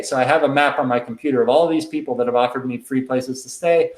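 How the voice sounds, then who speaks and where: A man's voice: mid-range voice, fast talker, few pauses. A man chats through a live stream Q&A, answering viewers in a loose, rambling way full of ums. His voice sits in the middle range and carries a noticeable room echo. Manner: relaxed, rambling, many ums. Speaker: channel host answering live questions. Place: indoors at a computer.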